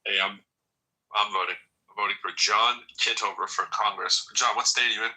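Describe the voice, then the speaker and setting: A man with a very bright, forward voice pitched a touch low hosts a loose group chat. He rambles, jokes and calls people up by name. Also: steady tone, fairly quick, poor audio. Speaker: host of a group audio chat room.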